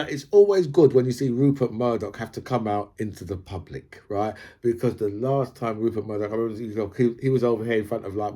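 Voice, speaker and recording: Man, husky, loose off-the-cuff commentary, heavy "right?" habit. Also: fairly low pitch, mellow. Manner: rambling, says "right?" constantly. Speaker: video commentator. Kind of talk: casual opinion monologue.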